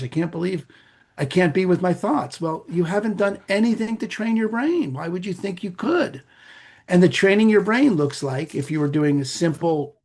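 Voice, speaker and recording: Middle-aged guy with a gravelly raspy voice, chatting easy as a guest, kinda animated. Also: on the high side. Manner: gravelly, husky, animated with playful asides. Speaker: meditation teacher, podcast guest. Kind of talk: conversational explaining.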